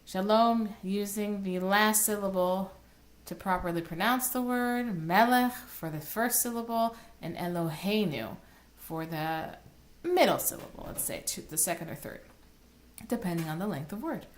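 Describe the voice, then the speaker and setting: A woman's voice: mid-range voice, measured pace. A woman cantor teaching Torah cantillation, explaining plainly and breaking into short sung chant phrases. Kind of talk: recorded online lesson.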